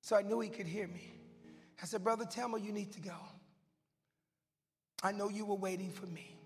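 High-voiced gravelly man preaching in a hall. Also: steady tone, normal speed. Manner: dramatic storytelling, swinging from hushed whispers to shouting; loud and goofy. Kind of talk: sermon. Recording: long hall reverb with faint music.

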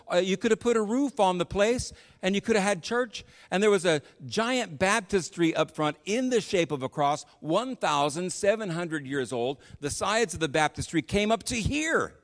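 American man preaching with long church reverb. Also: on the high side. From United States. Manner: animated storyteller, chatty with frequent restarts. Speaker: missionary preacher. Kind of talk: sermon with storytelling. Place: church sanctuary on a PA system.

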